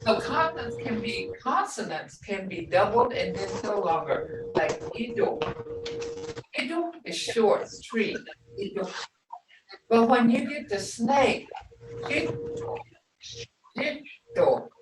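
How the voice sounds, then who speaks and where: Slow-speaking older woman teaching a language. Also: medium pitch, animated, noisy background. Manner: patient, repeats words to model tones. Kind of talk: classroom teaching. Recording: roomy, distant from the mic.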